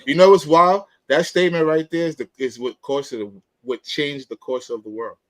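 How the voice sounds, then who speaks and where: A man's voice: fairly high pitch, fairly even intonation, moderate pace, no echo. A man chatting casually, cutting in with blunt remarks. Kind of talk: casual chat.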